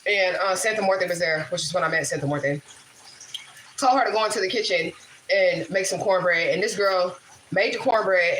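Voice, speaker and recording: A livestream host and spiritual reader chats casually from her home kitchen while cooking, telling loose stories full of swearing and laughter. Her voice is on the low side and a bit bright, recorded in an echoey kitchen with faint noise.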